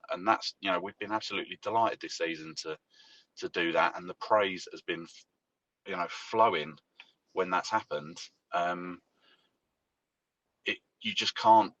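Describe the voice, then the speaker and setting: A man giving an earnest, measured interview answer with frequent pauses and fillers. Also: low-pitched, fairly bright tone. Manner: measured, hesitant, many fillers. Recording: dull lo-fi clip from a distance.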